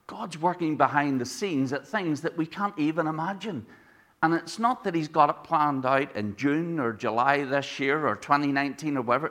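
A man's voice: on the high side, animated, normal speed, a bit bright. A man from Ireland with an Irish accent, preaching a sermon in a conversational way, telling stories and asking the congregation rhetorical questions.

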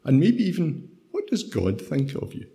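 Gravelly Scottish man, chatty devotional talk. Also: fairly high pitch, wildly swooping pitch, moderate pace, warm tone. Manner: chatty, anecdotal, tags "right?". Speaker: preacher.

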